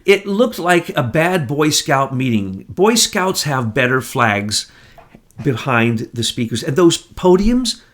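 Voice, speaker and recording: A man's voice: mid-range voice, big pitch swings, takes it slowly, fairly bright tone. An American man in casual political chat, scornful and mocking as he talks. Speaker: political commentator.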